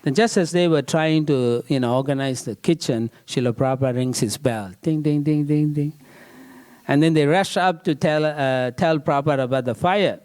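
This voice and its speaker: A man's voice: medium pitch, a little fast, few pauses, darkish tone, smooth. A man giving a scripture class in a temple, telling an anecdote with frequent fillers and tag questions. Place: temple hall.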